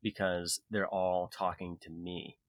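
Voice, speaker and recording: Very deep, gravelly man, wry joking co-host, dry close recording. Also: slow, no room sound. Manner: animated storyteller, wry and joking. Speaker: podcast co-host. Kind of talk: casual conversation.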